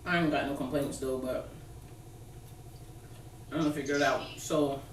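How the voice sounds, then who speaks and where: A woman's voice: a bass voice, fairly even intonation, moderate pace. A woman hosting her channel in casual chat, laid-back and frank, swearing freely. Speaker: channel host. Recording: echoey room, distant mic, faint noise.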